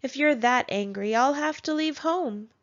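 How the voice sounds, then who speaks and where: A woman's voice: sits high, a little slow, a bit bright. A woman voicing an earnest, nearsighted and clumsy baby boy dinosaur in a storybook reading. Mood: resigned. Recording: dull lo-fi sound.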